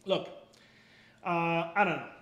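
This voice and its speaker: Plain-spoken male stream host, forceful and emphatic, slightly raised pitch, roomy echo. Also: takes it slowly. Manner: blunt, emphatic, peppers talk with "okay?" and swearing. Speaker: bait seller hosting a live stream. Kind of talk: casual live-stream chat answering viewers.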